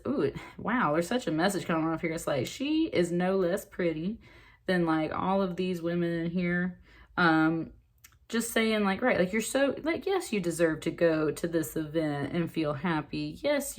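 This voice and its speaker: A woman giving a casual spoken tarot reading, chatty and excitable, full of fillers and asides. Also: fairly low pitch. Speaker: tarot reader.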